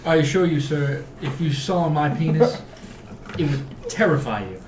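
Brief: wry male player, lively pitch, far-off echoey recording with noise. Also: moderate pace. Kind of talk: casual chat at a tabletop game.

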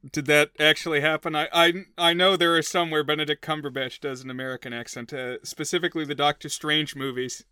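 A man co-hosting a casual film podcast, chatty and joking, with quick asides. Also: a little high, flat delivery, pushed and bright, smooth, dry recording, clean studio sound. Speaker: podcast co-host.

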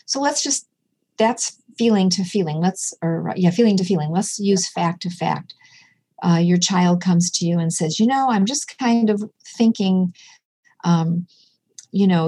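A woman's voice: mid-range voice, mellow, husky. A middle-aged woman, a podcast guest, talking earnestly and telling stories with quoted dialogue. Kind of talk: casual conversation.

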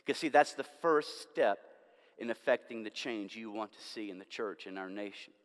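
Pastor preaching in a reverberant hall. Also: male voice, on the low side, normal speed. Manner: conversational preaching, dynamic swings between loud and hushed. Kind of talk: sermon. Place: church sanctuary.

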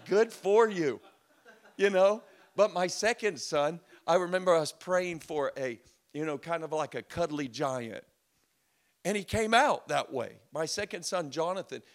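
A middle-aged man preaches as a pastor in a voice on the high side with a fairly bright tone. His sermon unfolds as chatty storytelling, with laughter and acted quotes.

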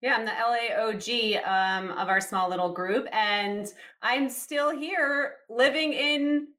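A woman from Massachusetts hosting a casual sports podcast, chatty and quick to laugh, filling her talk with "like". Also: fairly high pitch, fairly bright tone. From Massachusetts, USA. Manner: laughs often, chatty with many likes. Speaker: podcast host.

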